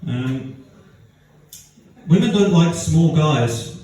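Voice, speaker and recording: A stand-up man with an Australian-sounding accent and a dark, mellow tone, delivering deadpan one-liners with odd stresses. His voice sits a little high and is picked up from a distance, ringing in a very echoey room with faint noise. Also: extremely slow. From outskirts of London. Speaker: stand-up comedian. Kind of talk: stand-up comedy set. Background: audience laughter.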